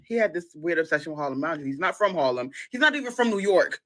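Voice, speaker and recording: Animated woman telling a dramatic story. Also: sits low, fast. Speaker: storyteller in a played clip. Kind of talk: casual storytelling.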